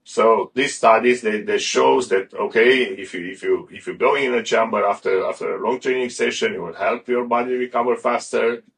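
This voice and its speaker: A middle-aged man chatting as an interview guest in a gravelly voice. He rambles and stumbles over restarts, and he sits a little back from the microphone. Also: fairly low pitch, moderate pace, hardly any pauses, fairly bright tone, a little hiss or hum. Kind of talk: casual interview talk. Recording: a bit far from the mic.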